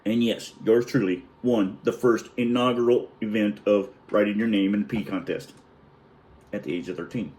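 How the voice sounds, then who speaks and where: A man's voice: on the low side, fairly even intonation, normal speed, darkish tone, slight background noise, low-quality recording. A middle-aged man telling a crude family story in a loose, rambling way, laughing as he goes. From Illinois, United States. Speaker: storyteller, vlogger. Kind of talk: casual storytelling.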